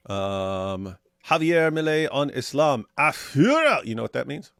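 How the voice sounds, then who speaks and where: A man's voice: mid-range voice, unhurried, no echo, clean studio sound. A man co-hosting a casual livestream, reading viewer comments aloud and answering them with sarcastic jokes. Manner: sarcastic, animated, joking. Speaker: co-host reading viewer chat.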